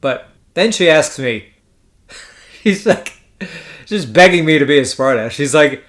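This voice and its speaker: Sardonic, profane man with a high voice. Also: lively intonation, unhurried, a bit bright. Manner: profane, sardonic, rambling with self-corrections. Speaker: poker podcast host. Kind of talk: casual solo podcast storytelling.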